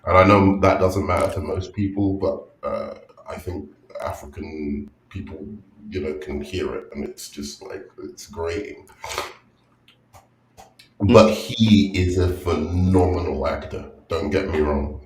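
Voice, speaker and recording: Deep male guest, blunt opinions, echoey room with faint hiss. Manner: blunt, opinionated, trails off quietly. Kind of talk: casual podcast chat.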